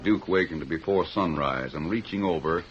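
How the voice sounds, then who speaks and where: A man narrating an old radio drama in a measured, storytelling manner. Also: low voice, highs cut off, noisy background. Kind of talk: scripted narration. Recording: old radio broadcast with music bed.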